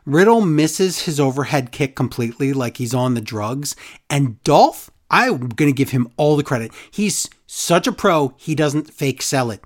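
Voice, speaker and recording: Slightly slow and medium-pitched, a podcast host casually runs through a wrestling show. He leans on sarcasm and animation, imitating other voices when he quotes people.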